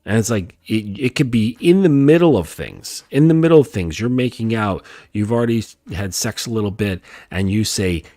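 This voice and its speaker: A male dating coach giving a calm, emphatic coaching talk, repeating his points and often checking in with "okay?". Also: on the low side, moderate pace, few pauses, no room sound, clean studio sound. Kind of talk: lecture-style coaching talk.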